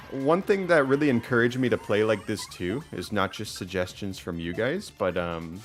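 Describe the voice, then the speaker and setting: A man chatting casually while streaming a game, upbeat and full of fillers. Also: low voice. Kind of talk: let's play commentary.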